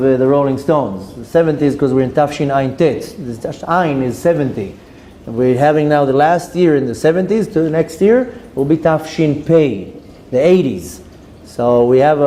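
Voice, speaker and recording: Rabbi preaching, earnest and urging, kinda high but mellow voice, a bit of noise behind. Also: male voice. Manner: earnest, exhorting, mixes in Hebrew terms. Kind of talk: sermon.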